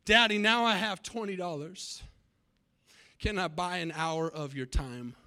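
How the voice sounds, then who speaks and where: Pleading little kid, a man doing the voice, high and bright. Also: unhurried, clear, resonant tone. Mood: eager. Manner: pleading, childlike. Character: small boy, earnest and pleading.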